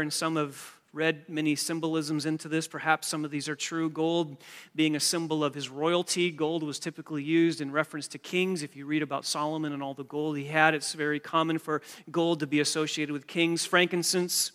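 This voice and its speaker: A man preaching in a church sanctuary, with a bright, forceful voice pitched a little high. He moves between hushed storytelling and loud, emphatic preaching. A long hall reverb trails each phrase. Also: flat delivery, moderate pace. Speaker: pastor. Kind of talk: sermon.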